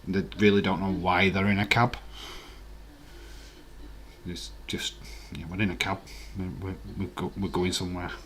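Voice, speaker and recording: A man's voice: sits low, little pitch movement, normal speed, long pauses, a bit bright. A man in his forties hosts a live watch-along stream. He chats casually, reads viewer comments aloud and rambles with filler words.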